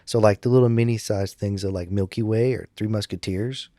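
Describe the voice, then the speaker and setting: Man, Cajun accent, lowish pitch, laid-back, stubborn, laughing, casual podcast chat, dry sound. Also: steady tone, a little fast, dark tone, dry recording. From Louisiana. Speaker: podcast co-host.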